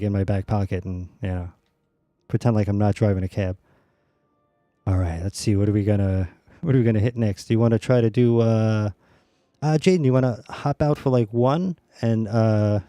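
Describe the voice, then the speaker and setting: A man streaming a game, chatting casually with teammates in a relaxed, rambling way with many fillers. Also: fairly low pitch, no echo. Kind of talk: casual gaming chat.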